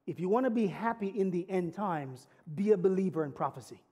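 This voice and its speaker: Fervent high-voiced preacher, dark tone. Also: male voice, fairly quick. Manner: earnest preaching with rising emphatic climaxes; conversational storytelling with humor. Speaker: pastor. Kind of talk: sermon.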